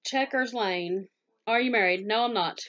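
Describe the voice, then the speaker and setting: A woman in her forties from Southwest Virginia with a Southern American accent, chatting quickly and laughing easily as she answers viewer questions in a casual vlog. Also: medium pitch, a bit bright, muffled recording. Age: 40s. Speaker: YouTube scam-baiter answering viewer questions.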